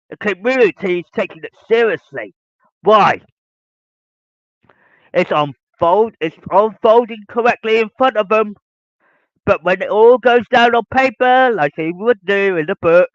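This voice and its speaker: Male podcast host, high-pitched, repetitive lecturing rant; dull, dry recording. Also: a bit bright, no echo. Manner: ranting, repetitive, lecturing listeners directly. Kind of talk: podcast monologue.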